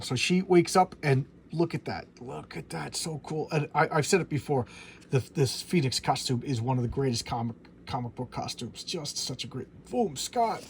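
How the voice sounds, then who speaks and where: Flipping through an old comic, a middle-aged man talks about it informally and excitedly, frequently stumbling and repeating himself. He's a comic book reviewer with a medium-pitched voice that moves a little fast, over slight background noise.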